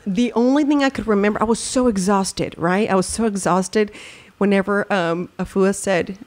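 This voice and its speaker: A young woman talks casually on a podcast at a middle pitch. She tells her story in an animated way and slips into quoted voices. Her delivery is loose and conversational. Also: normal speed. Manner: animated storytelling, acts out quotes, laughs often. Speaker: podcast host. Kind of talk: casual chat.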